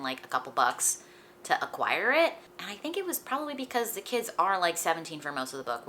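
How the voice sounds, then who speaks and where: A young woman talks casually to the camera while feeling a bit sick, her voice low-pitched yet bright and forward. She rambles in a chatty way, dropping "like" often and laughing lightly. A faint hum of room ambience sits behind her. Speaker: book vlogger. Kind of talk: casual chat.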